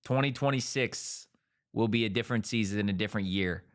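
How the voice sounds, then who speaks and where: A man hosting a casual sports talk show, firing off rhetorical questions in an animated way. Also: on the low side, brisk.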